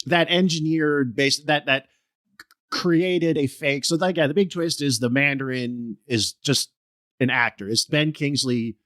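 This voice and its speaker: A man co-hosting a film podcast in casual discussion, talking haltingly with many restarts and fillers. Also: on the high side, fairly bright tone, no echo, clean studio sound. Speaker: podcast co-host.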